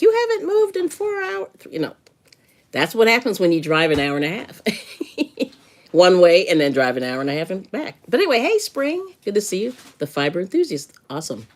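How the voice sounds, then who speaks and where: Middle-aged woman chatting on a livestream, low voice that swings around a lot, laughs a bunch. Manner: chatty, advice-giving, laughs often. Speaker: livestream host. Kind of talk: casual live chat with viewers.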